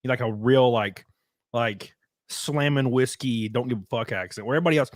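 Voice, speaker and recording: A man's voice: medium pitch, normal speed, no echo, clean studio sound. A man hosting a podcast, chatting in a rambling, crude way and laughing easily. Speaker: podcast host. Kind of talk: raunchy casual chat.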